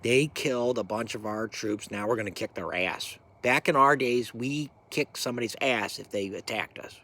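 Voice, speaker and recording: A middle-aged man who served in the military, giving an angry, profane, rambling rant that swings from low mutters to loud bursts. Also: normal speed. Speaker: military veteran ranting.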